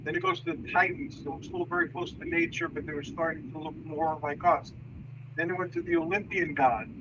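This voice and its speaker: A man's voice: on the high side, animated, fairly quick. A man hosting a show who explains ideas in a thoughtful way. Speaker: host. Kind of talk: casual discussion of mythology. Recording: dull lo-fi sound with noise.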